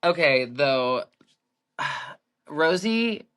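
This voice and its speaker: A woman's voice: low-pitched, expressive, extremely slow, fairly bright tone, smooth. A woman co-hosting a podcast, chatting casually and emphatically about a reality show, stretching words for effect. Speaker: podcast co-host.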